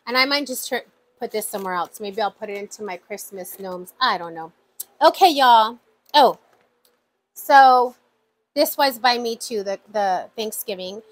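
Chatty woman vlogger, kinda high voice, gets all excited counting her cash. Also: normal speed, low-quality recording. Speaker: budgeting vlogger. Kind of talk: casual vlog talk to viewers.

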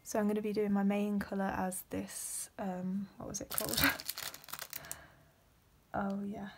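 A young woman hosts a step-by-step beading tutorial, speaking softly and frequently dropping to a whisper with lots of ums. Her mid-range voice has little pitch movement and a normal speed, and there's heavy background noise.

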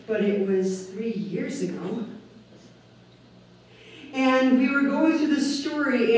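Woman pastor preaching slow and deliberate, really echoey room, kinda far from the mic. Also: on the high side, darkish tone. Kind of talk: sermon.

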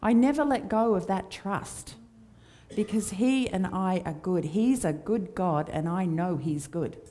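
A woman's voice: medium pitch, unhurried. A woman preaching a sermon in a church, conversational and storytelling in her delivery. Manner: conversational, warm storytelling with acted quotes.

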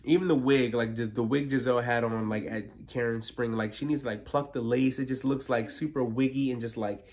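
A man's voice: medium pitch, fairly even intonation, brisk, darkish tone. A man giving a casual, opinionated recap of a reality TV episode, peppering his talk with "like". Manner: opinionated, filler-heavy with frequent "like". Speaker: TV recap vlogger.

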